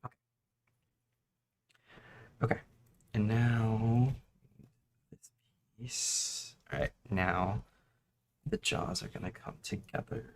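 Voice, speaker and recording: Male streamer, gravelly and soft-spoken, chewing gum, giggly casual chat while building. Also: on the low side, slow pace, pauses often, slight background noise. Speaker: host.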